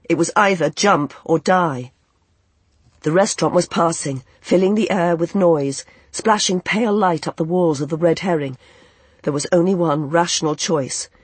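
A man narrating a novel as an audiobook reader, in a measured and vivid storytelling manner. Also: a little high, breathy edge, no echo. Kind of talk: scripted narration.

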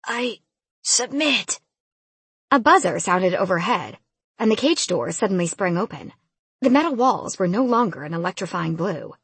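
Husky expressive woman narrator. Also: lowish voice, normal speed, no room sound. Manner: expressive, lively storytelling. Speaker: audiobook narrator. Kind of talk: first-person fantasy audiobook narration.

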